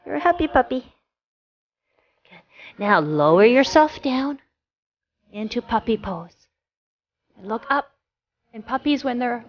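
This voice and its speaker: A woman instructor gently guiding children through a yoga class with encouraging, sing-song cues. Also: sits high, highs cut off.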